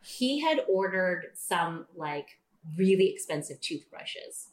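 Animated woman telling a story. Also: lowish voice, slow pace, echoey room. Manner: animated, acts out quoted dialogue in a raised voice. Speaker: podcast guest. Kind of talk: casual storytelling.

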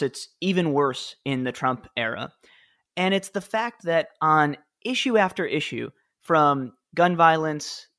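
A man's voice: fairly high pitch, fairly bright tone. A man, telling stories earnestly in a casual interview, often restarting his sentences. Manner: earnest, storytelling, frequent restarts. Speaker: former presidential speechwriter, author.

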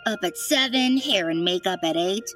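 An actress playing a theatrical, self-promoting TV newsmagazine host. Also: female voice, mid-range voice, animated, moderate pace, a bit bright, faint music behind, lightly acted. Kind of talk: broadcast host parody.

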